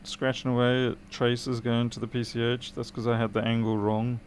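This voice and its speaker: A man's voice: medium pitch, monotone, normal speed, slight background noise. A tired man streaming a late-night electronics repair, muttering as he works and answering live chat with dry, self-deprecating remarks.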